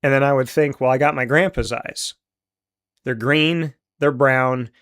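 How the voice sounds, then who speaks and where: A man in his forties from central New York, hosting a talk show and speaking in a heartfelt, halting, openly emotional way. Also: mid-range voice, steady tone, a bit bright. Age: 40s. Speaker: host. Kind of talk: casual talk show monologue.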